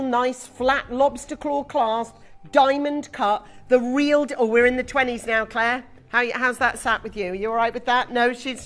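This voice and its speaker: British shopping-channel host, bright higher voice, excitable and self-mocking, faint music behind. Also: female voice. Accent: British English. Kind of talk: live TV selling. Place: TV studio.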